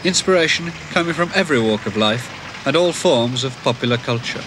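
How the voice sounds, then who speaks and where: Measured male documentary narrator. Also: medium pitch, animated, noisy background. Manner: measured, formal delivery. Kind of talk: scripted narration. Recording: archival broadcast with music behind.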